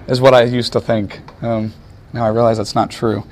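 A man's voice: medium pitch, fairly even intonation, quick pace. An American man teaching a sermon in a conversational way, asking his listeners questions and searching aloud for words. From United States. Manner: conversational, asks the audience questions. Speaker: pastor.

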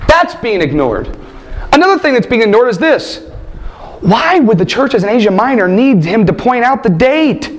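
A man's voice: extremely high pitch, very animated, normal speed. A man teaching a Bible class, asking rhetorical questions and stressing points emphatically. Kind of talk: classroom lecture.

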